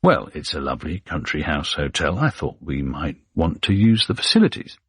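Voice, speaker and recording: A man's voice: very deep voice, big pitch swings, moderate pace, slightly rough, no room sound, studio quality, exaggerated voice. A man voicing a tired, guarded male journalist who answers curtly. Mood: weary. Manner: weary and curt.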